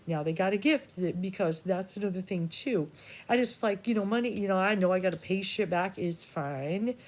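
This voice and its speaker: A woman's voice: mid-range voice, normal speed, a little mellow, a little hiss or hum. A woman psychic reader talking to her viewers in a rambling personal monologue, casual, swearing freely and restarting her sentences often. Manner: scattered, full of restarts and asides.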